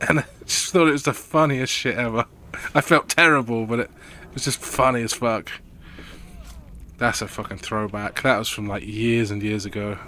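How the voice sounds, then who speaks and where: A young man talks casually through a live gaming stream, wandering from point to point with plenty of swearing. His voice is bright and forceful, at an ordinary pitch for a man. The chat stays loose and laid-back, like he is thinking out loud. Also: moderate pace.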